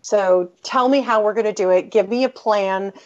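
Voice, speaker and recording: Candid, animated middle-aged woman guest. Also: mid-range voice, moderate pace. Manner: candid, animated, emphatic, with self-interruptions. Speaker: author and guest. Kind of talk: conversational interview storytelling. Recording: dull lo-fi audio.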